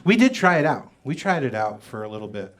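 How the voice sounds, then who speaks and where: A man doing a stand-up comedy set on stage in a comedy club, with wry, deadpan asides that trail off. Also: medium pitch, brisk.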